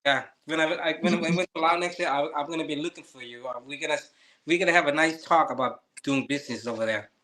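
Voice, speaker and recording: A man in his fifties with a fairly high and bright voice. He speaks English earnestly, with the grammar of a native Lao speaker, in a casual conversation. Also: quick pace. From Thailand. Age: 50s. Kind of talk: casual chat.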